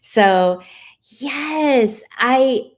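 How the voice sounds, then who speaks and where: A woman's voice: high-pitched, animated, drawn-out words. A middle-aged woman hosting a casual livestream, chatting in a rambling way and stopping to greet viewers and answer their comments. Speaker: livestream host.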